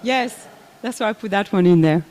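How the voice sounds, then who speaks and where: An older woman giving a personal memorial talk, unhurried and conversational, with many fillers and restarts. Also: medium pitch, a little mellow. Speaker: memorial speaker. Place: temple hall. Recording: echoey hall reverb.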